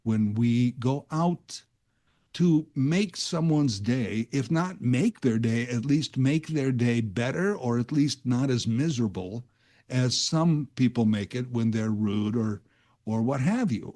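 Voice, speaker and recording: A man hosts talk radio, his voice dark and mellow as he drifts through a casual, rambling monologue. He talks like a self-aware storyteller, admitting he's wandering off track. He sits close to a studio microphone. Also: mid-range voice, expressive, unhurried. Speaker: guest radio host.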